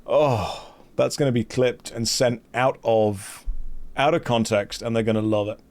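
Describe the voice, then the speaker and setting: A man's voice: mid-range voice, fairly even intonation, unhurried, a little mellow. A British man hosting a gaming stream, chatting casually and telling rambling anecdotes with wry humour. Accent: British English. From Britain. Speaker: streamer host. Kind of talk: casual chat while gaming.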